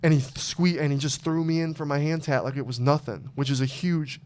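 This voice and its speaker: A man's voice: on the high side, a little fast, darkish tone. A man hosting a podcast, telling rambling stories in loose, profane casual chat. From Arizona. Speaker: podcast host.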